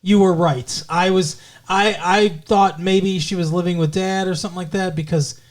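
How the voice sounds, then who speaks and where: A man's voice: sits high, steady tone, moderate pace. Rambling, joking male podcast co-host. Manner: rambling, jokey, breaks into singing. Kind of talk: casual chat.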